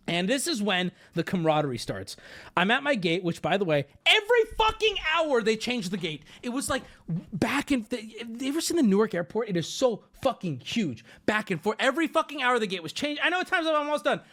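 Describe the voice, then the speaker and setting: Animated, high-voiced male streamer. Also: brisk. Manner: animated, profane, exaggerated. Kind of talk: casual storytelling to a stream audience.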